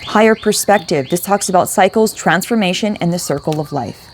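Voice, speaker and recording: Young woman, casual spiritual card reader, low-ish voice, chatty and loose-mouthed, outdoor hiss. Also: a little fast. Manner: chatty, swears, talks to her dog in between.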